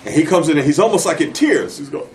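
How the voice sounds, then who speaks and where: A man's voice: fairly high pitch, lively intonation, quick pace, far from the mic, slight background noise, rough recording. A man who wrestled professionally, telling road stories in an interview, blunt and plain-spoken with casual dialect grammar. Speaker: interviewee, former pro wrestler. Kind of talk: casual storytelling in a shoot interview.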